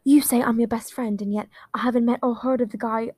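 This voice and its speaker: A woman voicing a blunt, nosy teenage girl who fires off brisk questions. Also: on the high side, steady tone, dark tone, husky, no room sound. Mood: prodding.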